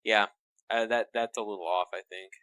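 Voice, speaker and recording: A man co-hosting a podcast, telling news in a halting, teasing way with many pauses. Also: fairly low pitch, steady tone, bright, forceful tone, clear, resonant tone, no echo. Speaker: podcast co-host. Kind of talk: casual chat.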